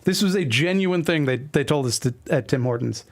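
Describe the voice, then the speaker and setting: A man's voice: a little high, animated, a little fast. A man streaming, reading his old webcomic aloud with wry, self-deprecating commentary. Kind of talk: casual commentary reading a comic.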